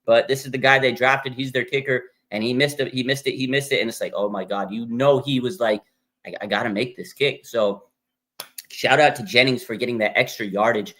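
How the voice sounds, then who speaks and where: Fan-show host, male, mid-range voice; animated live reaction talk, repetitive and filler-heavy. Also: medium pitch, brisk. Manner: animated, emphatic, repeats himself, frequent fillers.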